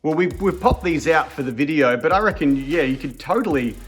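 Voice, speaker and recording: A chatty man hosts with enthusiasm. His pitch moves freely up and down as he reacts. Faint music sits underneath. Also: lively intonation, fairly quick. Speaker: host. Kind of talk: casual chat.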